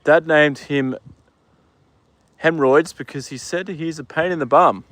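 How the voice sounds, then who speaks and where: A man's voice: a little high, measured pace, fairly bright tone, no echo. Easygoing Australian man chatting outdoors. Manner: easygoing, chats to his horse and reads viewer comments. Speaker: livestream host. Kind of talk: casual live-stream chat. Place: outdoors at a horse paddock.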